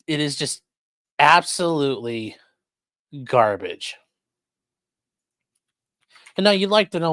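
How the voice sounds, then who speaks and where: A fairly high-voiced man reads rulings aloud and then mocks them. He speaks straight to his chat, and the sound is dry and close. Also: sing-song, unhurried, long pauses, fairly bright tone, dry recording. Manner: sarcastic, talks straight to chat, swears. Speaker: streamer discussing court cases. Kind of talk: casual livestream commentary.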